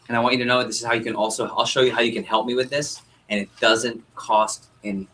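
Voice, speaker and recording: A young man running a sales training workshop, coaching a group and acting out customer dialogue in an energetic way. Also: mid-range voice, fast, slight background noise, low-quality recording. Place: meeting room with group.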